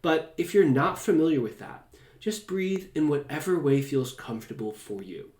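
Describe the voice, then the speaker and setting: A man hosting a calm talk who guides a breathing meditation in a soft, slow, soothing manner. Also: fairly high pitch, reverberant. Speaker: host.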